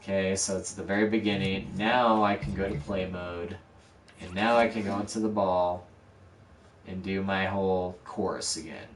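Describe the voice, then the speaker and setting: A man with a low, fairly even voice speaks at a normal pace while casually live-streaming his game-building work, poking fun at himself as he explains each step. A dog barks in the room, and the audio has slight background noise, roomy echo, and a somewhat distant mic.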